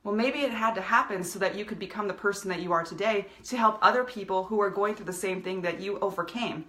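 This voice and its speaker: A woman's voice: mid-range voice, fast, bright, forceful tone, echoey room. A woman giving a passionate motivational talk on a live video stream, speaking as a coach to her viewers. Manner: passionate, fired-up motivational delivery. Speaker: business coach.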